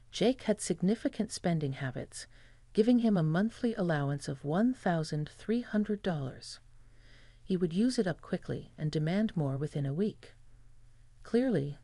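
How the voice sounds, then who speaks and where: A woman narrates a revenge story in an even, measured way, her voice gravelly with fry. The tone is dark and mellow. It sits close and dry on the mic, with no room sound. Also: low voice, dry recording.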